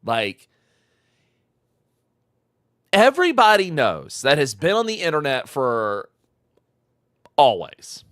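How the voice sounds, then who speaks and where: A man's voice: fairly high pitch, huge pitch swings, slow pace, pauses often, fairly bright tone, no room sound, clean studio sound. A man streaming a live reaction, mocking a clip with profane, repetitive commentary. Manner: mocking, profane, repeats phrases for emphasis.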